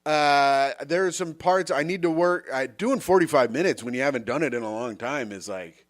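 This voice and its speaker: A man's voice: mid-range voice, moderate pace, no echo, studio quality. A man co-hosting a comedy podcast, telling a rambling, joking story in casual chat. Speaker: podcast co-host.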